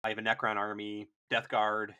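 Bright-voiced rambling man. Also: fairly low pitch, completely flat delivery, moderate pace, clean tone. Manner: rambling, hesitant restarts, jokey. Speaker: podcast co-host. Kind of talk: casual chat.

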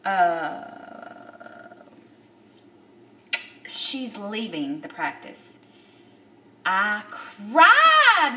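A woman's voice: mid-range voice, distant mic, slight background noise. Upset woman in her thirties, tearful. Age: 30s. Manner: emotional, tearful, halting with many fillers. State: upset, near tears. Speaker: vlogger. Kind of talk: personal video diary. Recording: roomy echo, a bit off-mic.

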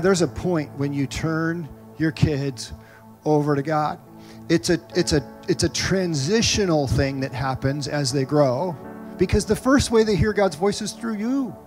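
Middle-aged male pastor, high voice, animated storyteller, faint music behind. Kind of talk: sermon. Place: church sanctuary.

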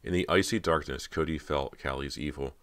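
A man reading a horror audiobook in a steady, dramatic way. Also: a bass voice, fairly quick. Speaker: audiobook narrator. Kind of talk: scripted narration of a horror novel.

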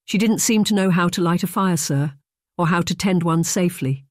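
A narrator voicing a worried, deferential household maid who speaks in a hushed, hesitant way. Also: female voice, lowish voice, normal speed, dry recording, studio quality, voice pushed up, close to an everyday voice.

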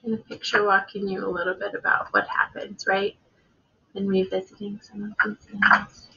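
A woman teacher giving a reading lesson for children, reading a picture book aloud with expression and pausing to ask questions. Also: medium pitch, flat delivery, gravelly, sharp tone, breathy edge, dull audio.

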